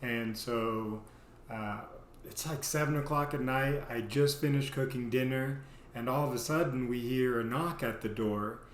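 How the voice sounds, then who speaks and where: A man's voice: medium pitch, unhurried, reverberant, slight background noise. A man casually telling a personal story as a vlogger, rambling with lots of "like" fillers.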